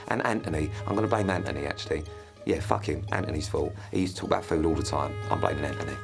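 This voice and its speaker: Very deep, gravelly man. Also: fast talker, music in the background. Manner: candid, self-mocking. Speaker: contestant. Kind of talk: confessional interview.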